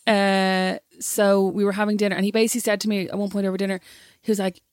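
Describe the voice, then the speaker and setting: A woman's voice: mid-range voice, little pitch movement, fast talker, darkish tone, no room sound, clean studio sound. A young Irish woman, a podcast co-host, telling a story in casual chat and acting out the quotes.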